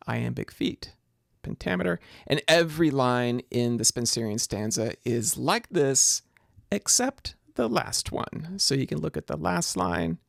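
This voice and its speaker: Gravelly-voiced man giving a lecture. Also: mid-range voice, a bit bright, no echo, studio quality. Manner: explanatory, often restarts phrases. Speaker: literature lecturer. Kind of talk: recorded video lecture.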